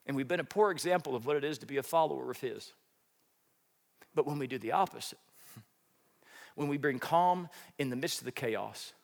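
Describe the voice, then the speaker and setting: A man preaching a sermon, telling a story with animated, rising emphasis. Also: a little high. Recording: long hall reverb.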